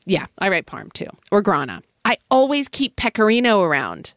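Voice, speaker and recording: A woman's voice: medium pitch, wildly swooping pitch, moderate pace, fairly bright tone, no room sound. A woman co-hosting a casual food chat, chatty and opinionated, with a dry close sound. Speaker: podcast co-host.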